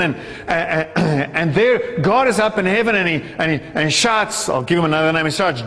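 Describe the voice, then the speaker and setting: A man preaching a sermon with passion, his delivery soaring and then dropping into a low, conversational tone. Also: lively intonation, a little fast, hardly any pauses, a bit bright. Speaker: pastor. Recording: echoey hall with long reverb.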